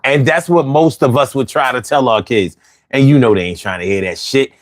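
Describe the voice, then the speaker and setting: A man's voice: medium pitch, brisk, no room sound, clean studio sound. A man reading viewer comments aloud and reacting in slangy, profane, conversational talk. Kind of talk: casual commentary.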